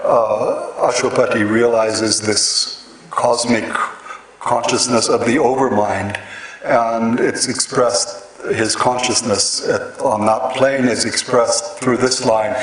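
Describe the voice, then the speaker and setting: Male lecturer, unhurried and hesitant with many fillers, recorded from afar in an echoey hall. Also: mid-range voice. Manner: slow, halting, with many fillers and restarts. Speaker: speaker giving a talk. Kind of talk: lecture on poetic meter. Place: large hall with an audience. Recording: echoey hall, mic at a distance, audience noise.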